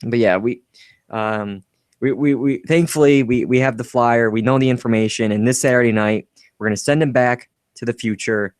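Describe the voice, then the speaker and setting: A man co-hosting a podcast talks casually and with animation, laughing often and slipping into quotes. His voice sits at an ordinary middle pitch. The sound is dry and close. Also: normal speed, no echo. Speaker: podcast co-host. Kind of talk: casual film discussion.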